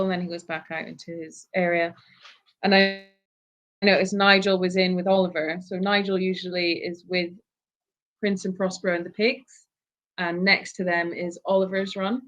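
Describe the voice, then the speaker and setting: A woman's voice: on the low side, a bit bright, poor audio. A British woman co-hosting a casual live Q&A from an animal sanctuary, telling things plainly and matter-of-factly. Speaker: sanctuary co-host.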